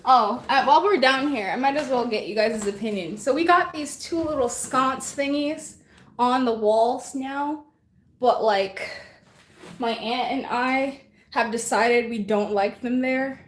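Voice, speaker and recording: Young woman, high voice, out of breath, casual live-stream chat, laughs a lot. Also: a little slow. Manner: chatty, laughs often, reads viewer comments aloud. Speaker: vlogger hosting a live stream.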